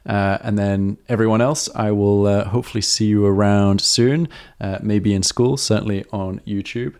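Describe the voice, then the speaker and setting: Relaxed male harmonica teacher on a live stream, fairly low voice, lots of ums. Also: normal speed, clear, resonant tone. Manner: chatty and self-correcting, with many ums and uhs.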